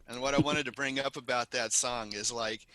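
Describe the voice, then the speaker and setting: Bright-voiced animated male podcast host. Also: mid-range voice, moderate pace, clean tone, no room sound. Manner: animated storyteller, laughs often. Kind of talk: casual chat.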